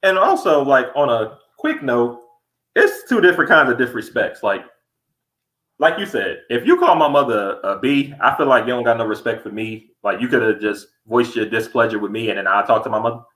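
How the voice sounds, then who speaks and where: Man, quick talker, bright tense voice, echoey room, blunt podcast co-host. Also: medium pitch. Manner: blunt, animated, acts out heated quotes. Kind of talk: casual chat.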